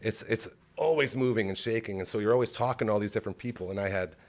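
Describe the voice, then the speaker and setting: The man hosting this podcast has a lowish voice and talks fast, sharing an emotional story in a loose, rambling way full of "like."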